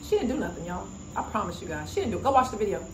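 A woman's voice: medium pitch, very animated, racing, background noise. Indignant woman vlogger, echoey room. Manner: emphatic, indignant retelling. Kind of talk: casual commentary. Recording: echoey room with faint ambience.

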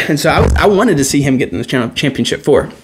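A man hosting a casual racing chat show, telling stories excitedly and laughing often. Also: a little high, brisk, background noise. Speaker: podcast host.

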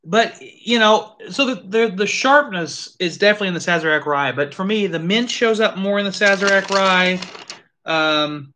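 A host casually chatting through a live whiskey tasting, animated, thinking aloud and swearing now and then. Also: medium pitch, moderate pace, slight background noise.

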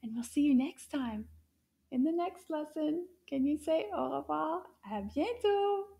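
Woman, children's teacher, gentle and encouraging, high voice with a mellow tone. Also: gravelly. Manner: gentle, encouraging, slow, drawn-out sounds. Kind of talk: children's language lesson.

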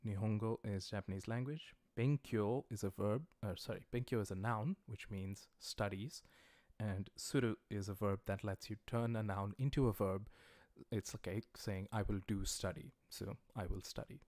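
A man teaching a livestreamed language class, explaining grammar patiently and repeating example sentences slowly. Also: fairly low pitch, darkish tone, no room sound, clean studio sound. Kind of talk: livestreamed lecture.

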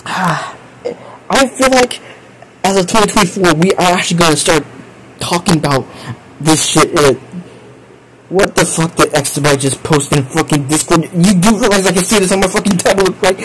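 A young man with a high voice rants through chat confessions, swearing constantly and breaking into laughter. He sounds exasperated, and his mic picks up clear background noise. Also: normal speed, a bit bright, low-quality recording. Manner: profane, exasperated, bursts of laughter. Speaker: streamer reading chat confessions. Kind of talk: casual live stream commentary.

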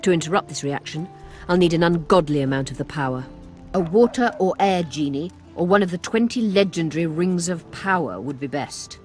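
An actor playing a learned male healer mage who talks in a formal, measured, explanatory way in a fantasy video game. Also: on the high side, a little mellow, faint music behind, lightly acted.

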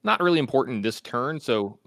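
A man's voice: mid-range voice, animated, a bit bright, dry recording, studio quality. An American man in his thirties commentating a card game match, analytical and full of fillers. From United States. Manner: analytical, talks fast with many fillers.

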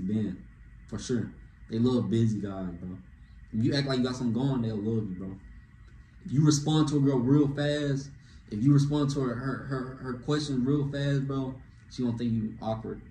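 A young man ranting to camera with dating advice, animated and slangy, tossing in "bro" after nearly every phrase. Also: mid-range voice, slight background noise. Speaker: vlogger giving dating advice. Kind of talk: casual rant to camera. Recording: echoey room with faint ambience.

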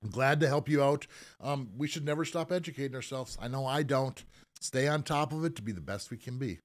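Man, podcast host, easygoing, rambling, hiccups, mid-pitched voice. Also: fairly quick. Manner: easygoing, rambling with fillers and restarts. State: has the hiccups. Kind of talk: casual podcast chat.

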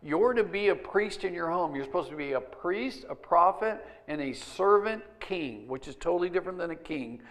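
A man's voice: fairly high pitch, animated, moderate pace, hardly any pauses, fairly bright tone. An older man, a pastor, preaching a sermon in an earnest, conversational way and acting out little quotes.

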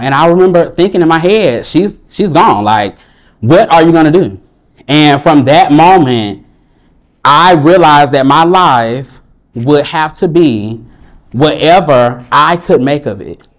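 Animated Southern man telling his story. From Alabama, US. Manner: animated and playful, swings into high excited bursts. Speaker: motivational speaker. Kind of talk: personal storytelling speech.

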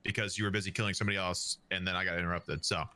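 A man's voice: sits low, little pitch movement, racing, bright, forceful tone. A man arguing his case during a game with friends over voice, pointedly accusing another player. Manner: accusing, argumentative. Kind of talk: casual gaming chat on voice call.

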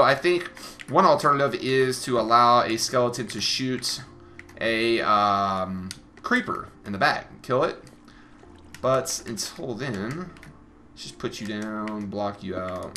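A man's voice: medium pitch, pushed and bright, slight background noise. A man giving casual let's-play commentary, frustrated and swearing, talking straight to his viewers. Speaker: gaming channel host.

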